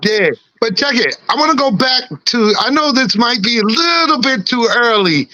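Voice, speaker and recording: A middle-aged man with a slight lisp, talking in a relaxed, laughing way on a podcast. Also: very high voice, moderate pace, dry recording, highs cut off. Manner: laid-back, laughing, peppered with "you know what I'm saying". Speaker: guest rapper. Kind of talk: casual podcast chat.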